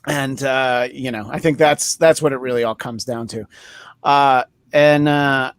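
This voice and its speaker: A man hosting a podcast in casual chat, rambling and joking with many filler pauses. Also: medium pitch, steady tone, clear, resonant tone, no room sound, studio quality. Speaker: podcast host.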